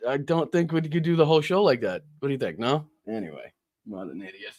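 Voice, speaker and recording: A man's voice: fairly high pitch, animated, brisk, dry recording, studio quality. A man hosting a casual political live stream, rambling and joking with crude asides while he chats with viewers. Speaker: political livestream host.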